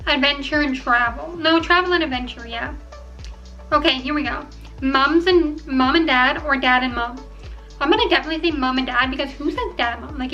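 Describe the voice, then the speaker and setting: Bright chatty young woman vlogger. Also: high voice, lo-fi sound. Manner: chatty, rambling, filler-heavy. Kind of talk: casual chat to camera. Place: home room.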